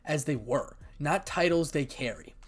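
A man reading a fan story aloud and voicing a gentle young woman with animal ears in a soothing, encouraging way. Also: a little high, measured pace.

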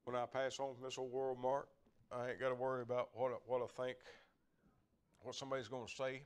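A man's voice: mid-range voice, level tone, brisk, smooth. An older man delivers a homespun sermon from the pulpit. His speaking voice sits in an ordinary middle register. He stumbles over repeated words and lets out small chuckles as he preaches. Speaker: lay preacher. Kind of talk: folksy sermon.

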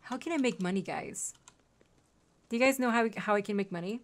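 A woman's voice: a little high, brisk. A young woman streaming a game, chatting casually and cooing at her in-game pets. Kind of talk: casual gameplay commentary.

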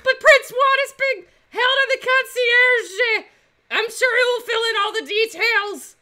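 A woman voicing a fussy little mouse in a high, loud, squeaky voice. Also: a little slow, exaggerated voice.

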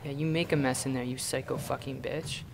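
A man's voice: medium pitch, steady tone, a little fast, gravelly, background noise. A young man from Canada playing a horror game and commenting in a panicky, swearing way, often repeating himself in frantic bursts. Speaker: gaming YouTuber.

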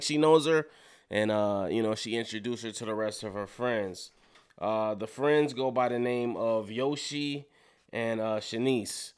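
Smooth-voiced man chatting through a show review. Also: mid-range voice. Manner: loose and chatty, many fillers, laughs between points. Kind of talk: casual video review. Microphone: studio dynamic microphone.

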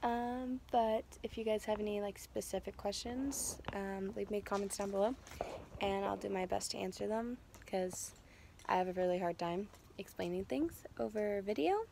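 A woman's voice: medium pitch, moderate pace, vocal fry, mellow, slight background noise. Stuffed-up young woman vlogging casually. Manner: rambling, filler-heavy, stops to correct herself. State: stuffed-up nose. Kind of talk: casual vlog talk.

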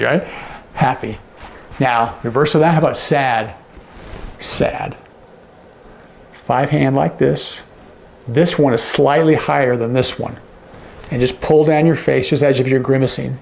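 A man's voice: medium pitch, unhurried, creaky, pauses often, a little hiss or hum. A man teaching sign language, patiently naming each word and checking in with the viewer. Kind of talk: instructional demonstration.

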